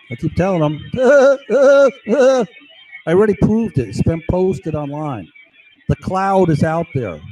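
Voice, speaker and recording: A man's voice: on the high side, darkish tone, poor audio. A man ranting angrily and rambling about his grievances, swearing often. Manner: profane, agitated. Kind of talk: angry personal rant.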